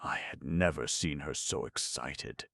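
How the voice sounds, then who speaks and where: A man reads a story aloud in a measured, even way. His voice is extremely deep with a gravelly fry. The sound is dry and close to the mic. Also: dry recording. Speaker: audiobook narrator. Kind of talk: audiobook narration.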